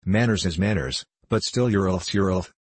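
Guy doing a slow kindly blacksmith, deep voice, dry sound. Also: slightly rough, no echo. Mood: worried. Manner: slow, solemn, confidential. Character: kindly simple village blacksmith, man.

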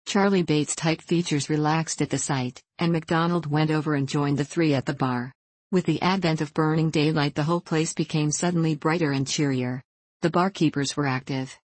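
A woman narrating an audiobook in a steady, measured reading voice. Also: low-pitched, no room sound. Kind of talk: scripted narration.

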